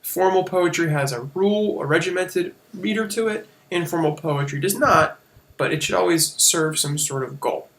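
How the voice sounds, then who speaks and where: Bright-voiced man teaching a casual lesson. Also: high-pitched, moderate pace. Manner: casual, explanatory, with fillers and self-corrections. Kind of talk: screen-share lesson on poetic meter.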